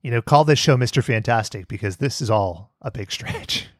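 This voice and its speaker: A man's voice: medium pitch, normal speed, no echo, clean studio sound, soft background music. A man hosting a casual comedic podcast, sarcastic and playful with mock-earnest jokes. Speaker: podcast host.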